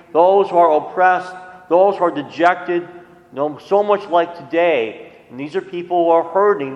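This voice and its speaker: Priest preaching casually w folksy asides, big reverb church hall. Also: male voice, fairly high pitch, highs cut off. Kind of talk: sermon.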